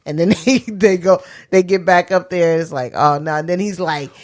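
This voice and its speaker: A woman in a casual movie review chat, lively and teasing, laughing often. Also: fairly low pitch, normal speed. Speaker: podcast co-host.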